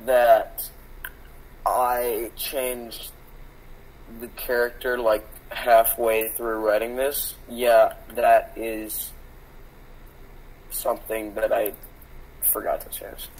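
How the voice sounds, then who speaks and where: A man's voice: medium pitch, little pitch movement, very slow, pauses often, darkish tone, low-quality recording. A man on a video call, a podcast co-host, talking casually in a hesitant, apologetic way and repeating words. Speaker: podcast co-host and story writer. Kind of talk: casual chat. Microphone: video call on a shaky computer.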